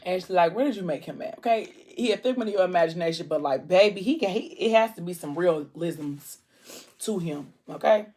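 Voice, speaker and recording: A woman's voice: fairly low pitch, a little fast, a little mellow. A woman book vlogger in casual chat, retelling scenes in a chatty way with lots of "like"s.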